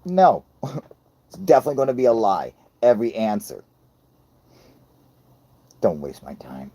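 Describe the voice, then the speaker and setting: A man's voice: on the low side, huge pitch swings, unhurried, warm tone. An American man with a scratchy voice hosting a livestream, joking around with heavy swearing and frequent laughter. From United States. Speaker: livestream host reading chat. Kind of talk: casual profane banter.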